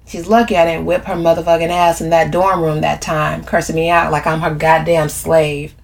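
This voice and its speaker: A woman's voice: low-pitched, flat delivery, moderate pace, creaky. A woman reading a brash, foul-mouthed old friend. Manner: blunt, profane, laughing. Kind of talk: audiobook character reading.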